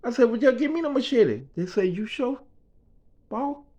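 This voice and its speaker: A man's voice: very high voice, lively intonation, moderate pace, a little mellow. A man from the Bahamas telling a story from his own life in casual, profane slang, acting out what others said and repeating phrases for rhythm. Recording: slightly dull lo-fi recording.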